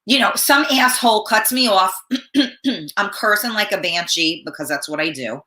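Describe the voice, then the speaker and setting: Hoarse, blunt, cursing woman host. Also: mid-range voice, moderate pace, bright, forceful tone, roomy sound. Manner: blunt and profane, rambling. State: hoarse, clearing her throat. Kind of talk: casual chat.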